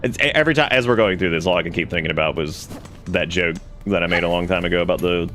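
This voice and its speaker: A man streams a video game, offering casual commentary full of rambling, laughing stories, restarts, and asides. His voice is deep and a bit bright, he talks fast, and soft music plays in the background.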